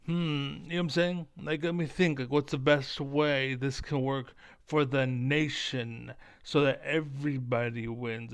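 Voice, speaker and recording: A man's voice: medium pitch, gravelly, no echo. A man streaming, ranting in a profane, heated and blunt way as a former competitive gamer. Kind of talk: ranting livestream monologue.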